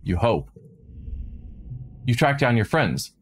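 A man streaming a game, reading a visual novel aloud with dramatic narration and quick asides of his own. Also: medium pitch, sing-song, a little hiss or hum. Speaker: let's play streamer.

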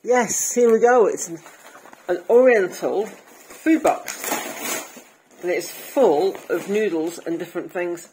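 A middle-aged woman, talking in a cheerful, chatty way as she shows off birthday presents. Her voice sits a little low and she giggles often. Faint noise hums in the background. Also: takes it slowly, a little mellow, rough recording. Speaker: parent presenting gifts. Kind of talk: casual family vlog chat.

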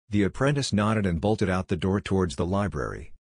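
A man narrating a fan-fiction story aloud in an even, unhurried reading. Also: low-pitched, slightly rough, no echo, studio quality.

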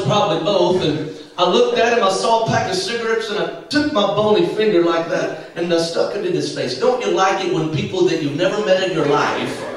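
Male evangelist, high voice, comic sermon storytelling with acted voices; distant mic in a boomy church. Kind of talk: humorous preaching testimony. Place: church sanctuary. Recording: very echoey church from far off.

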